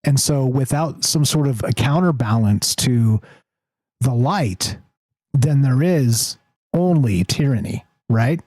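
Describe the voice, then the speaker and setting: A man's voice: medium pitch, animated, takes it slowly, darkish tone, no room sound, rough recording. A man hosting a call-in talk show, rambling and self-interrupting with a wry edge. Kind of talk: casual talk-radio conversation.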